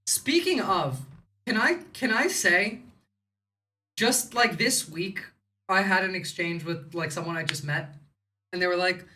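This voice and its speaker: Woman from the United States, livestream host, bright edgy tone, low-set voice, rambling and sarcastic. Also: animated, measured pace, pauses often. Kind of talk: casual political commentary.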